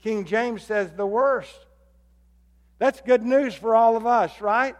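High-voiced preacher in a reverberant hall. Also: male voice, slow. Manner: swings from loud emphatic calls to low hushed appeals. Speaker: pastor. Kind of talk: sermon. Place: church sanctuary.

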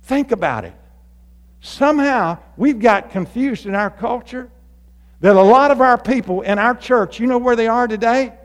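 A male pastor delivers an animated sermon from the pulpit, his voice pitched high. He swings from quiet asides to fired-up shouting. The sound carries a long reverb from the church hall. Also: moderate pace. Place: church sanctuary.

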